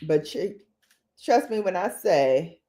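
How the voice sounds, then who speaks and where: A woman hosting a relaxed livestream, chatting. She speaks slowly, and her pitch swings widely as she plays around. She repeats lines for emphasis and often breaks into laughter. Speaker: beauty livestream host. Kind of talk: casual livestream chat with viewers.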